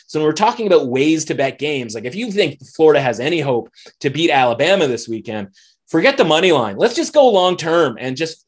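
A man analyzing football bets in a casual, animated podcast chat, peppering his talk with "like" and "right?". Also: mid-range voice. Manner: animated, conversational, lots of "like" and "right?". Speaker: betting analyst.

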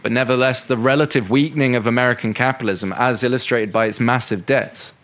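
A man's voice: medium pitch, fairly even intonation, quick pace, a bit bright. A man giving an unscripted talk that answers audience questions, conversational and full of fillers and restarts. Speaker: speaker at a political education session.

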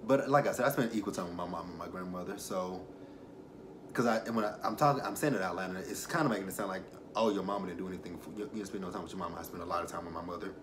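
Brief: young man, lowish voice, rambling, emotional reality-show recap, faint hiss behind. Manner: rambling, self-correcting, emotional. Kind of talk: casual commentary with personal stories.

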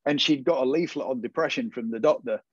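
A man's voice: medium pitch, quick pace, breathy edge, no room sound. Guy chatting about his past, acts out the voices, dry muffled audio. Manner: animated storytelling, acts out quoted voices. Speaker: guest. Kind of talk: casual interview chat.

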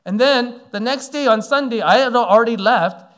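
A man's voice: very high-pitched, normal speed, a bit bright. A man in his forties from Canada, preaching a sermon as a pastor and telling a story with many fillers. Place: church sanctuary.

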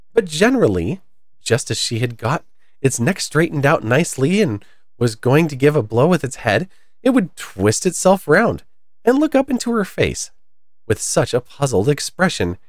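A man reading a classic children's story aloud in a lively, expressive way. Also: medium pitch, dry recording, clean studio sound.

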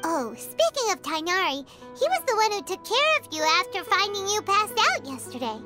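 Tiny game companion creature, very high squeaky voice, bouncy, third-person talker, music behind. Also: female voice, big pitch swings, normal speed, pushed and bright, full character voice. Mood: chatty. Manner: speaks of herself in third person, squeaky and indignant. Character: tiny floating female companion, chatty, excitable. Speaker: game character.

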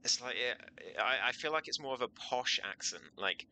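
A man's voice: medium pitch, expressive, moderate pace, bright, forceful tone, poor audio. Playful, giggly man streaming a game. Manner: playful, giggly, thinking aloud. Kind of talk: casual gameplay commentary.

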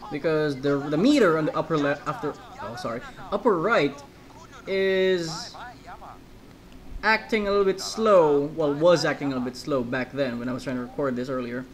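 A man's voice: a little high, normal speed, rough recording. A man giving casual let's-play commentary, rambling between jokey asides.

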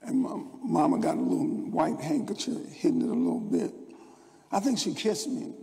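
Gravelly older preacher in a reverberant hall. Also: male voice, high voice, sing-song, moderate pace, dark tone. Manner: rambling storytelling with stammered restarts. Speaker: pastor. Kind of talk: sermon. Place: church sanctuary. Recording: long church hall reverb.

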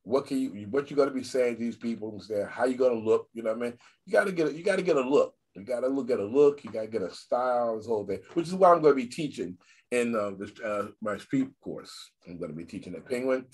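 An older man speaks in a husky, slightly rough voice at a middle pitch. He chats casually over a video call, animated and talkative, repeating phrases to drive his point home. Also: quick pace. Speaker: guest magician.

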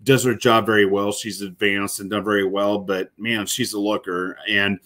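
Rambling man, low voice. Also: flat delivery, moderate pace, bright, forceful tone. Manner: rambling, many fillers and restarts. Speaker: corrections officer reacting to a video. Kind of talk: casual reaction commentary.

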